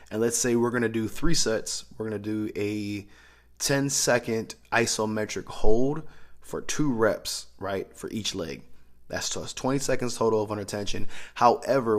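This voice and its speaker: A man talking as a strength coach, explaining training methods in a loose, conversational way. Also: on the low side. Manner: conversational, loose, with restarts and asides. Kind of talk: casual instructional talk.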